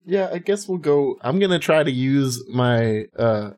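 A man's voice: mid-range voice, expressive, measured pace, darkish tone. A man playing in a tabletop role-playing game, bantering and joking. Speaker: player.

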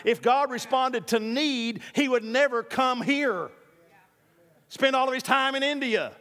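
A male pastor with a notably high voice delivers an emphatic sermon, hammering key lines through repetition and drifting into folksy stories. His voice rings out with a long reverb, as in a large church sanctuary. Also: a little slow, a bit bright.

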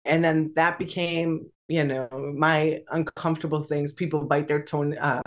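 A guest on a video call talks candidly in a mid-pitched voice. The speech is halting, full of fillers and restarts, broken by nervous laughter. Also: level tone. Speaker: interview guest. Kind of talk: candid conversational interview.

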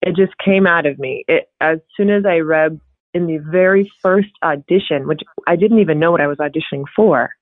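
A woman actor talking casually as an interview guest, expressive and often laughing, with quick restarts. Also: sits low, dry recording. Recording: tinny phone-like dry line.

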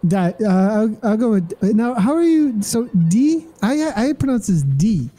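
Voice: mid-range voice, big pitch swings, a little slow, mellow. A podcast co-host in casual chat, hesitant and playful, stumbling over words.

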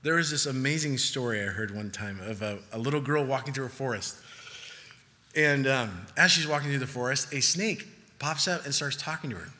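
A man preaching a sermon as pastor, emphatic and urgent, at times dropping to a hushed storytelling voice. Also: mid-range voice, a little fast, big-room sound.

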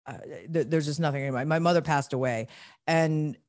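A man's voice: fairly high pitch, fairly even intonation, normal speed, dry recording. Guy hosting a recovery podcast, blunt and sweary, stops and restarts a lot, dry close sound. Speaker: podcast host. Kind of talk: candid recovery talk.

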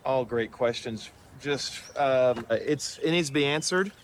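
A man's voice: medium pitch, unhurried, a little hiss or hum, lightly acted. A man playing a stalling, evasive guy. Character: evasive man on a lawn in a skit.

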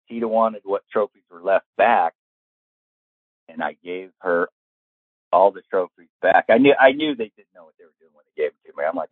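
A man spins a casual anecdote with a low, breathy voice. He acts out the people he quotes, and the sound is dry and thin, like a phone line. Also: dry recording. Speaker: storyteller guest.

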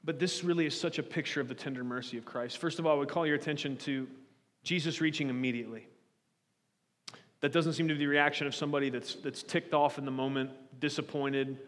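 Man, pastor, sermon, earnest, pleading, repeats words, slightly high voice, reverberant hall. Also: fairly even intonation, fast talker, a bit bright.

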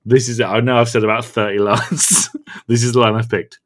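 Brisk and level in tone, a medium-pitched male podcast co-host keeps the conversation casual. He delights in quoting favourite lines and laughs along enthusiastically.

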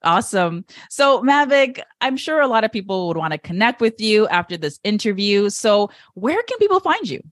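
A woman hosting an interview podcast, talking in an upbeat, animated way. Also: medium pitch, moderate pace, hardly any pauses, dry recording, studio quality. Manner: lively, upbeat, animated storytelling. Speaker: podcast host.

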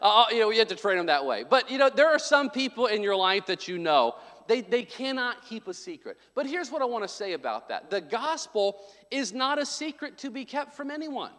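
A man's voice: very high-pitched, big pitch swings, fairly quick, a bit bright. A male pastor giving a sermon, chatty and joking in his asides, then preaching with emphasis. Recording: long hall reverb.

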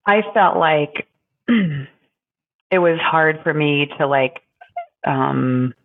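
Podcast co-host, woman, gravelly edge, halting and thoughtful delivery, heard over a phone-like line. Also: low-pitched. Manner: halting, thoughtful, many pauses and fillers. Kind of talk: casual reflective conversation.

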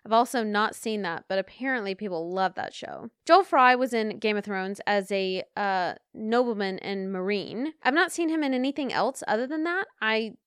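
A woman's voice: mid-range voice, normal speed, few pauses, fairly bright tone, smooth, no room sound, studio quality. Enthusiastic talkative woman podcaster. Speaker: podcast co-host. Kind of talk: casual chat.

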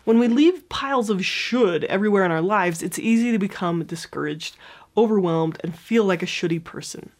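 Calm woman explaining a self-help technique, clear and gently encouraging, sounds scripted. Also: mid-range voice, moderate pace.

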